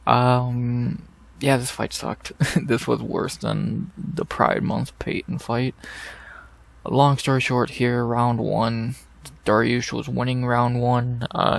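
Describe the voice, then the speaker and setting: A man's voice: medium pitch, creaky. A man hosting a casual fight recap, blunt and profane, ranting in exasperation into a desk microphone. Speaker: MMA podcast host.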